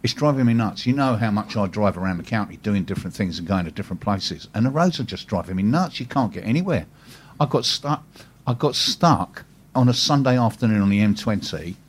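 A man's voice: on the low side, expressive, a little fast, husky. A man hosting a business radio show, chatting and teasing his co-host. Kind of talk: casual radio chat.

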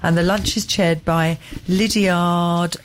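A woman's voice: fairly low pitch, fairly even intonation, slow, a little hiss or hum. A woman co-presenting on local radio, chatting and reading event details at an easy pace. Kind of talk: casual radio chat.

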